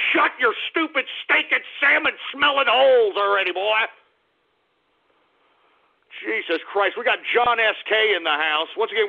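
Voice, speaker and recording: A man hosting a radio show, scolding his listeners in a combative rant that keeps breaking into shouts. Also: high-pitched, creaky. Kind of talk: ranting call-out radio talk. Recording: tinny phone-like radio audio.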